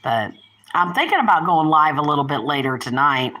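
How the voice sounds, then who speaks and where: A woman's voice: sits low, lively intonation, a little fast, sharp tone, low-quality recording. An older woman hosting a casual live stream, rambling and chatty, often breaking off to talk to her pets and family. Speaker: livestream host.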